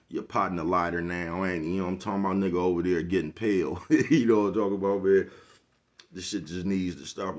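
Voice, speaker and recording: A man with a deep, low-set voice talks straight to camera in a loose, rambling rant. He is blunt and heavy on profane slang, circling back again and again to ask if you follow him. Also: a little mellow. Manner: rambling, keeps asking "you know what I'm talking about". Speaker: vlogger. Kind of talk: casual monologue rant.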